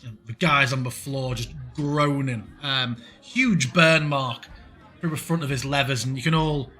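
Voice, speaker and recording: A man's voice: medium pitch, measured pace, bright, forceful tone, soft background music. A man narrating a tabletop game as game master, descriptive and full of fillers. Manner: descriptive, with frequent fillers and restarts.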